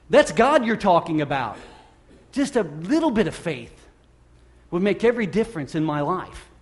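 Male pastor, middle-aged, slightly raised pitch, chatty and self-deprecating sermon delivery that jumps into emphatic high bursts. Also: sing-song, a little slow, long pauses.

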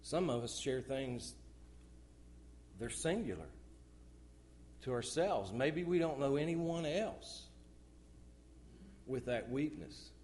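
A middle-aged man preaching a sermon in church, swinging from loud outbursts to hushed, low asides. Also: lively intonation, slow pace, pauses often, a little hiss or hum.

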